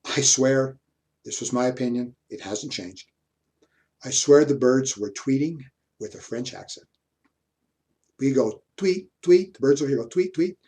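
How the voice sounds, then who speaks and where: A man's voice: mid-range voice, mellow. An older man lecturing on history, telling a reflective personal story and repeating words as he searches for them.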